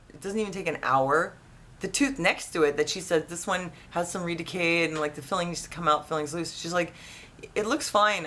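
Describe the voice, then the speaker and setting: Woman, 30s, home vlogger, bright tense voice, slightly low pitch, lively retelling with acted-out dialogue. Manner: animated, acts out quoted dialogue in her retelling. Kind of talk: casual storytelling to camera.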